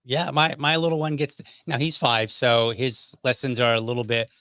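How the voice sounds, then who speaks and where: Relaxed, chatty male podcast host. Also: medium pitch, normal speed. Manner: relaxed, chatty, many "you know" fillers. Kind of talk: casual conversation.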